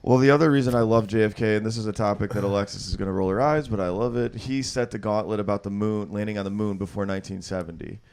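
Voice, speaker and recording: A man hosting a podcast, chatting casually, excitable and quick to argue back in disbelief. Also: fairly low pitch, creaky. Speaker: podcast host. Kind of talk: casual comedic podcast banter.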